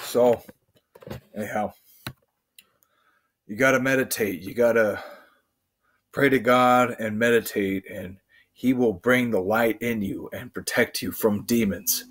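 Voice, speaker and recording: A man's voice: on the low side, fairly even intonation, fairly bright tone. A man vlogging, preaching in a rambling monologue that halts and restarts often. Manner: halting, full of fillers and restarts.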